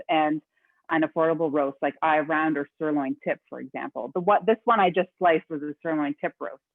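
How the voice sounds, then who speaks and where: A woman's voice: low voice, dry recording. A woman giving a live cooking demonstration over a video call from her kitchen, chatty and full of fillers and restarts. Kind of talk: live cooking demo webinar. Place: home kitchen. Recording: tinny phone-like audio.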